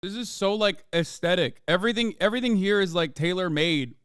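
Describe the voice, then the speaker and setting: A man's voice: high voice, brisk, a bit bright, clear, resonant tone, no room sound, clean studio sound. A man streaming his reaction to a video in a sarcastic, profane, mocking way. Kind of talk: casual reaction commentary.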